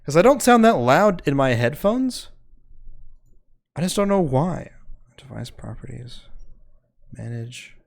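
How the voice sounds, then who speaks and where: A man streaming a game live, chatting casually and testing his microphone levels out loud. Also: on the high side, very animated, a little slow, vocal fry, long pauses. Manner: chatty, fiddles with his mic levels aloud. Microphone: desk microphone.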